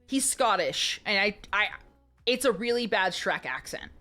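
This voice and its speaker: A woman's voice: medium pitch, very animated, unhurried, pushed and bright, faint music behind. A young woman streamer chatting casually and reading a romance novel aloud, with giggly, self-mocking asides.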